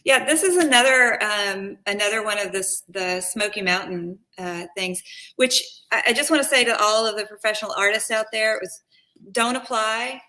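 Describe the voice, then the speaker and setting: A woman guesting on an art talk, lively, laughing often and saying "like" a lot. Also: medium pitch, moderate pace. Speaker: guest painter.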